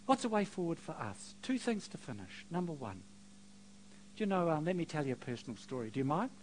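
A middle-aged male preacher telling a story from the pulpit, his pitch swinging widely as he goes. He jokes at his own expense and drops to near hush before building up loud again. A faint hum sits under the voice. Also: big pitch swings, fairly quick. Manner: storytelling, self-mocking, swings between quiet and loud. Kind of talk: sermon.

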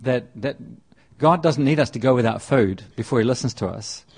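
A preacher gives a sermon in a relaxed, chatty way, at a moderate pace, in a husky voice with an ordinary middle-range pitch. As he works through a passage, he often repeats words and restarts sentences.

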